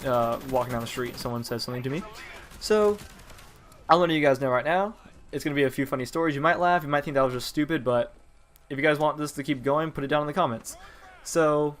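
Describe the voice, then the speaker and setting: A man's voice: a little high, a bit bright. Teenage guy rambling through a story. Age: teens. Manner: rambling, with frequent fillers and restarts. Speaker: vlogger telling personal stories. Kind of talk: casual storytelling.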